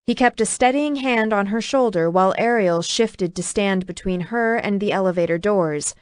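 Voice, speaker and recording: A woman narrating an audiobook with a steady, even reading. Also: mid-range voice, dry recording. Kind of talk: scripted narration.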